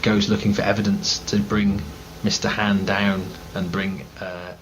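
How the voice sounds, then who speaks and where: A man's voice: on the low side, flat delivery, unhurried, a little hiss or hum, rough recording. An English man co-hosting a casual film review chat, rambling and correcting himself as he goes. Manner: rambling, hesitant, self-correcting. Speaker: film review podcast co-host.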